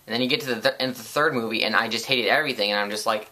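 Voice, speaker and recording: A man's voice: medium pitch, rapid-fire, sharp tone. A man delivering a sarcastic, profane, rambling comedic rant as a vlogger.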